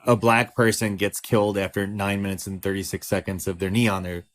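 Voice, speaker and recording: A man's voice: on the low side, flat delivery, a little fast. A man co-hosting a podcast, arguing his political points in a heated, emphatic way. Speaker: podcast co-host. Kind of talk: casual political discussion.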